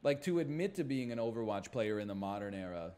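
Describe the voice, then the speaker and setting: A man's voice: lowish voice, expressive, fast, warm tone. Sarcastic man ranting on a live stream. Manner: sarcastic, mock-outraged rants. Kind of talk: casual live-stream chat.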